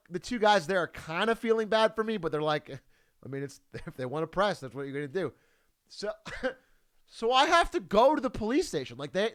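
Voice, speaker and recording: Man, high voice, very animated, casual storytelling, profane, laughs often.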